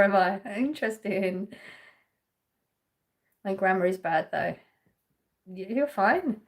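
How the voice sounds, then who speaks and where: A woman's voice: mid-range voice, animated, slow pace, pauses often. A woman hosting a casual livestream, reading viewer comments aloud, laughing often and trailing off mid-sentence. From Essex, England. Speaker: livestream host.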